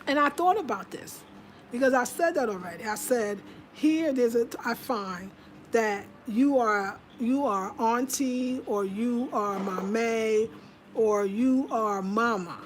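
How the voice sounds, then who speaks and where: A woman's voice: fairly high pitch, slow pace, slight background noise. A middle-aged American woman talking casually into the camera at home, emphatic and chatty, slipping into voices when she quotes people. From United States. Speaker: vlogger. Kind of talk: casual monologue.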